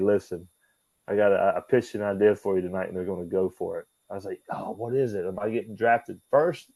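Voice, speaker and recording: A man, a guest in an interview, telling animated, profane stories and acting out the dialogue. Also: fairly low pitch, no echo, poor audio. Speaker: guest, former wrestler. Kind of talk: casual storytelling interview.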